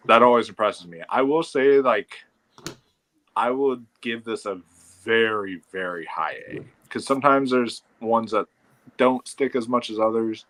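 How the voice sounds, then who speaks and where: Lower-voiced hesitant male panelist. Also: fairly bright tone, poor audio. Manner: hesitant, lots of fillers and restarts. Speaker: podcast co-host. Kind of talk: casual panel chat.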